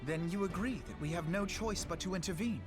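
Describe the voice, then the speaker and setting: A man's voice: high-pitched, a little fast, natural voice. Alphinaud, a man voicing a formal young noble with game music behind. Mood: solemn. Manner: formal, archaic phrasing. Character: earnest noble young male scholar-statesman. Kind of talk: formal game cutscene dialogue.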